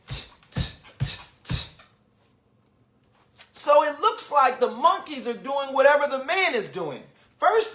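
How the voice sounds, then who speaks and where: Slow, lively man reading a kids' story. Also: extremely high pitch. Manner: animated, chatty asides to young listeners. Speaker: children's book reader, literacy founder. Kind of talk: children's storybook read-aloud. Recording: roomy echo.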